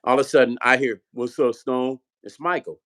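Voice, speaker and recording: Animated man telling a heated story. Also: mid-range voice, moderate pace. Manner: animated storyteller, acts out quoted dialogue, profane. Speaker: vlog host, musician. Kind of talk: storytelling chat.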